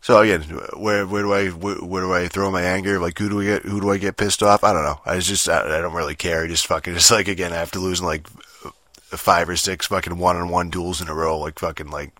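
A man's voice: sits low, steady tone, a little fast, bright, forceful tone, no echo. A young man rambling through a casual, profane gaming rant, full of fillers and restarts. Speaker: gamer vlogger.

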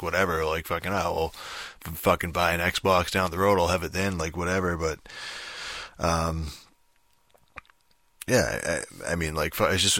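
A man's voice: deep voice, sharp tone, no room sound. A man ranting casually about a game release, rambling and frustrated, swearing constantly. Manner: profane, rambling, frustrated, heavy swearing and fillers. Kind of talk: casual rant to camera.

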